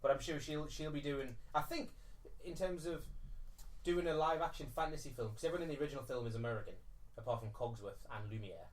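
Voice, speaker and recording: A man co-hosting a casual film podcast from England, animated and leading the segments. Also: mid-range voice, quick pace. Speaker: podcast co-host. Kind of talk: casual chat. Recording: distant mic.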